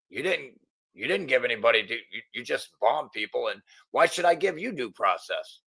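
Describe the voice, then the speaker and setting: Gravelly, sharp-edged angry middle-aged man. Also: medium pitch, animated, normal speed. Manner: profane, agitated, stumbling restarts. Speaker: channel host. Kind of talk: angry ranting monologue.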